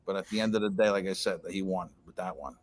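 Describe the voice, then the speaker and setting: A man's voice: low voice, fast talker, slight background noise. Profane rambling New man. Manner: rambling and profane, many restarts. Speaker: guest storyteller. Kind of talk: casual chat.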